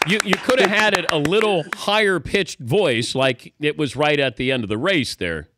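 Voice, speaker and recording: A man's voice: on the high side, moderate pace, very noisy. A man hosting a radio interview in a studio, joking and friendly with his guest. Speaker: radio show host.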